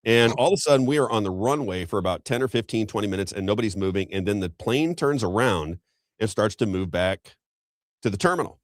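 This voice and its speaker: A middle-aged man hosting a talk show, telling a story in a rambling, animated way with frequent restarts. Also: on the low side, brisk, no echo. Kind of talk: casual storytelling commentary.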